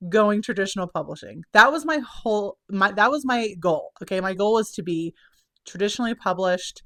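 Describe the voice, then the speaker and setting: A woman's voice: medium pitch, fairly bright tone. A young woman chatting casually to camera as a channel host. She is out of breath and upbeat, with many fillers. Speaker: self-published children's book author and channel host.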